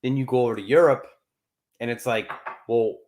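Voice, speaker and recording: Young eastern Pennsylvania guy co-hosting a laid-back whiskey talk, lively and self-deprecating, average pitch. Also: moderate pace. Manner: animated, self-mocking, swears casually. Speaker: co-host. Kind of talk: casual chat over whiskey.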